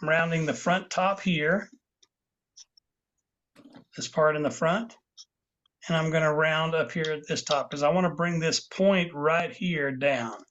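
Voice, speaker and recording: With a fairly high, fairly bright voice, a woodcarving instructor leads a live online demonstration in no hurry, pausing often. He explains each step patiently as he carves and makes small asides to his students, all heard through dull lo-fi video call audio.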